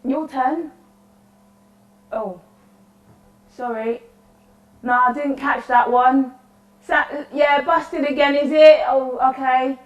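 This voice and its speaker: A woman's voice: high voice, fairly even intonation, slow pace, long pauses, dull audio. A woman performing a lonely, chatty woman at the end of the world in a solo interactive theatre monologue, rambling and apologetic. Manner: rambling, apologetic, nervously cheerful. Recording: echoey room, voice from far off.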